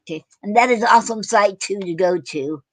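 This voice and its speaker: A woman hosting a casual online poetry show, talking haltingly with many fillers and self-corrections. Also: mid-range voice, a bit bright, poor audio. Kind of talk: casual live-stream chat.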